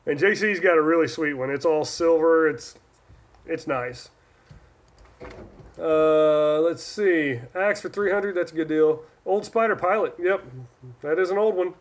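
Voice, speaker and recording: This livestream host, a man from Northern California, takes his time working through viewer questions one after another in an easygoing stream. He speaks at an unhurried pace in a somewhat high male voice, wandering off track and restarting sentences as he goes.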